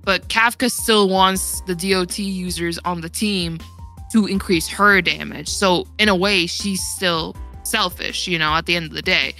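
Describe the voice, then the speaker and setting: A woman's voice: fairly low pitch, moderate pace, sharp tone, soft background music. A young woman talking in a casual gaming podcast chat, rambling and laughing often, her voice getting worn. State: losing her voice. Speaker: podcast guest.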